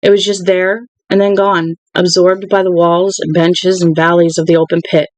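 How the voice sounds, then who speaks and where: A reader narrating a novel aloud in an even, unhurried way, with occasional restarts. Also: mid-range voice, no echo, poor audio. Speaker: audiobook reader.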